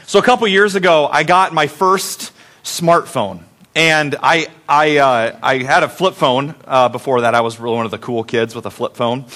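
A man's voice: mid-range voice, fairly even intonation, normal speed, pushed and bright. A middle-aged man, a pastor, preaching a conversational sermon in a church, joking at his own expense and putting questions to the congregation. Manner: conversational, self-deprecating, asks the congregation questions. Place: church sanctuary.

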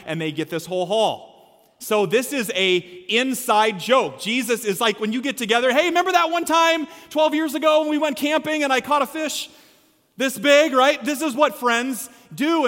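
A man preaching a lively, joking sermon as a pastor, acting out the lines he quotes. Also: high voice, long reverb tail. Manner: energetic, humorous, acts out quotes. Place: church sanctuary.

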